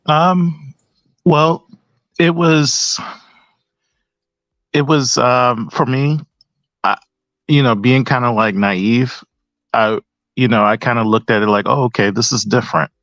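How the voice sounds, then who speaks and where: A man speaking as a guest on a panel discussion, hesitant with many pauses and restarts. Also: medium pitch, fairly even intonation, fairly bright tone, dry recording, highs cut off.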